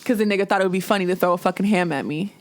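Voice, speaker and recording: A young woman co-hosting a casual podcast, her voice at an ordinary middle pitch. She tells stories with animated energy and swears freely. She slips into other people's voices as she quotes them. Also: rapid-fire. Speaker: podcast co-host. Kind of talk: casual chat.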